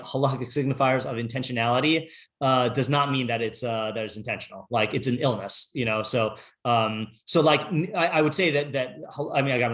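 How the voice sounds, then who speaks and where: In a mid-range, fairly bright voice, a man leads an informal text class, reading Hebrew passages aloud and translating them. His delivery is halting and rambling, full of fillers.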